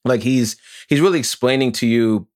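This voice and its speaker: A man co-hosting a podcast in casual chat, animated and profane, acting out quotes in put-on voices. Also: medium pitch, moderate pace, no echo, studio quality. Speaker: podcast co-host.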